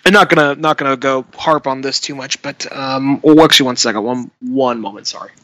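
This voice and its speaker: A man's voice: medium pitch, brisk, bright, forceful tone, low-quality recording. A man co-hosting a podcast in casual chat, rambling loosely and laughing often. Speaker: podcast co-host.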